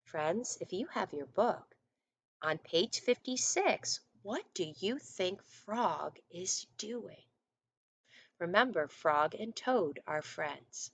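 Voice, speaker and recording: Slow-reading woman teacher. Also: lowish voice, expressive, gravelly, husky, dry recording. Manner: gentle, asks children questions. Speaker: first grade teacher. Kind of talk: reading a picture book aloud in an online lesson.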